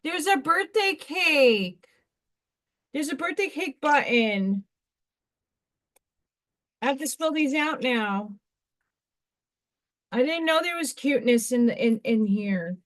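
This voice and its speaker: Slow-talking, higher-voiced woman craft host. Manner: chatty, excitable, talks to herself while working. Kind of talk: casual live-stream chat while crafting.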